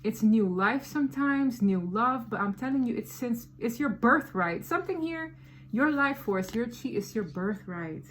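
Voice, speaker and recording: Animated slangy woman reading tarot. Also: a little high, moderate pace, a little hiss or hum. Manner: animated, slangy, emphatic storytelling. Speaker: tarot reader. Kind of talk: casual tarot reading to camera.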